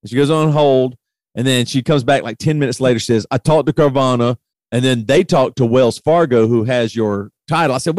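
A middle-aged man tells a long, exasperated story in casual conversation. His pitch swings widely, climbing sharply when he gets worked up, and the recording is dry and close. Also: moderate pace, no echo. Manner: animated retelling, voice rising sharply when heated.

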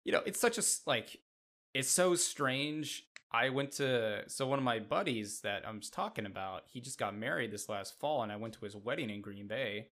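A man's voice: medium pitch, lively intonation, moderate pace, fairly bright tone. A man co-hosting a sports podcast, talking casually and rambling with lots of "like" fillers, from the Midwest. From Midwest United States. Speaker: podcast co-host.

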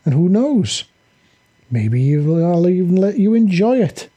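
A man's voice: fairly high pitch, expressive, normal speed, warm tone, breathy edge. A man reading aloud and voicing a seductive, cruel female fallen angel who taunts and mocks in a sultry way. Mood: sultry taunting.

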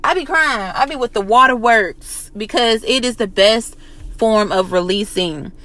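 A woman's voice: fairly high pitch, a little slow, a bit bright. Woman, motivational pep talk, blunt and profane, repeats for emphasis. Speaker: motivational vlogger.

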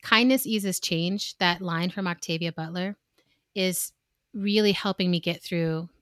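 A woman's voice: lowish voice, unhurried, a bit bright, dry recording, studio quality. A woman co-hosting a casual chat, candid and emotional, often laughing and acting out quoted exchanges.

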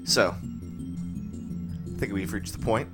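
A man's voice: deep voice, drawn-out words, loud music behind the voice. A man co-hosting a podcast in casual comedic banter, sarcastic and swearing casually. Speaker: podcast co-host.

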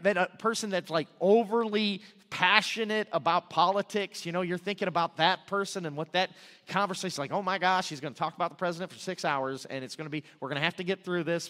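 Male pastor, high voice, casual and joking sermon, echoey sanctuary. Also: a bit bright. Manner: casual, joking storytelling with many restarts. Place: church sanctuary.

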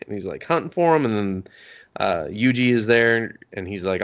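A man with a fairly low voice speaks at normal speed while co-hosting a podcast. He rambles through a casual anime recap, full of fillers and restarts, and swears freely.

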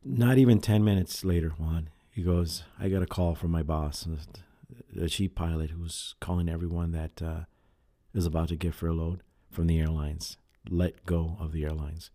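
A man with a low, deep voice talks through his solo podcast. His tone is mellow and dark, and his delivery is earnest and halting, full of fillers and restarts. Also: fairly even intonation. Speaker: podcast host. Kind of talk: casual solo podcast talk.

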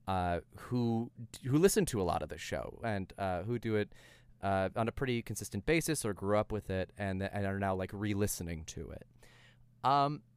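A man's voice: fairly low pitch, clean tone, no room sound. A man hosting a casual podcast chat, joking and laughing, often stumbling over his words. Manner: joking, stammering restarts, bursts of laughter. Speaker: podcast host.

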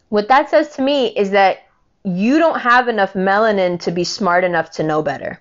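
Angry woman in her 40s ranting, swears a lot, does little voices for people in her story, kinda muffled lo-fi sound. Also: moderate pace. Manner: profane, animated, quotes people in lowered voices. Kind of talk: casual ranting monologue.

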